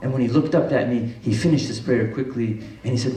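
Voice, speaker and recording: A man's voice: medium pitch, fast, dark tone. A man preaching an impassioned sermon, retelling stories with emphatic rises in his voice. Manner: impassioned, rising to emphatic peaks. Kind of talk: sermon with retold dialogue. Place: large mosque hall. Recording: echoey hall, distant mic.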